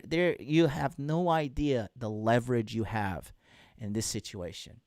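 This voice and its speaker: A man's voice: medium pitch, darkish tone, dry recording, studio quality. A man hosting a casual livestream as a dating coach, talking bluntly and crudely to viewers and reading out chat.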